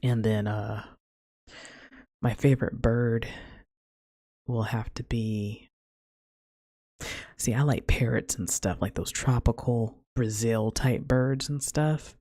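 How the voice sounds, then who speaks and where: A woman's voice: very deep voice, slow, pauses often, warm tone, no room sound, clean studio sound. A woman hosting her own podcast, chatting in a rambling, casual way full of "like" and "man". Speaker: podcast host. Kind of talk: casual solo podcast chat.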